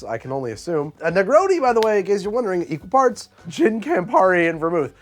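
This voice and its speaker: Male host for a comedic drink-review show, theatrical, very lively pitch, a bit high, faint music under. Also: quick pace, few pauses. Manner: theatrical, exaggerated disgust, deadpan asides.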